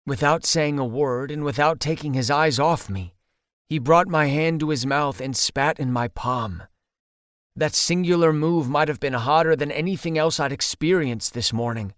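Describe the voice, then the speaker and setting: A man narrating an audiobook in the first person, steady and intimate. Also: on the high side, moderate pace, smooth, no echo, studio quality.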